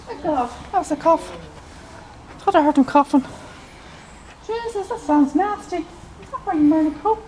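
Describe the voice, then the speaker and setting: A woman with a strikingly high voice talks fondly to horses beside a paddock. She coos and calls out across the fields. She is recorded on a handheld phone, with faint outdoor noise underneath. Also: animated, moderate pace, pauses often, darkish tone, reverberant. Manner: cooing and calling out to horses. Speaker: horse visitor filming a vlog. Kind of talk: casual chat to horses.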